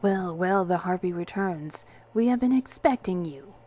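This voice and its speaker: A woman voicing a taunting, jealous male villain angel in a storybook reading, with drawn-out, sneering delivery. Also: on the low side, lively intonation, warm tone. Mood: smug.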